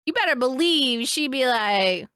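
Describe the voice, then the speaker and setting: Woman co-host, super expressive voice, laughs a lot, dry close mic. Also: medium pitch, normal speed, no echo. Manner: animated, laughs often, acts out quoted friends. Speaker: podcast co-host. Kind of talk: casual chat.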